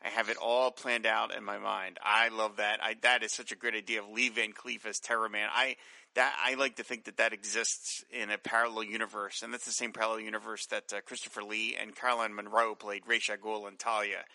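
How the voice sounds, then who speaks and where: An enthusiastic man co-hosting a podcast, reading listener emails and chuckling as he goes. His voice is very bright and sharp. He is recorded close to the mic, dry and without room sound. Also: fairly low pitch, flat delivery, brisk, vocal fry, no room sound, poor audio. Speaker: podcast co-host. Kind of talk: casual podcast chat reading listener mail.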